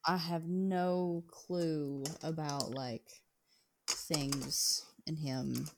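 A woman's voice: low voice, fairly even intonation, drawn-out words, noisy background. A woman co-hosting a casual podcast, teasing and giggling through loose banter. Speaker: podcast co-host. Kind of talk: casual chat.

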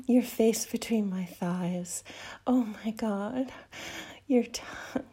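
High breathy woman, whispered role-play, slow and soft, hushed murmurs.

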